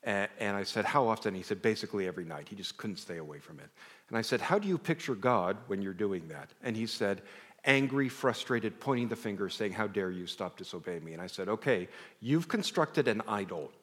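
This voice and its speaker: A man's voice: fairly low pitch, animated, a little fast, a bit bright. A middle-aged man preaching a conversational sermon to a congregation, telling personal stories with self-deprecating asides. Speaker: pastor. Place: large hall before a congregation. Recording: long hall reverb.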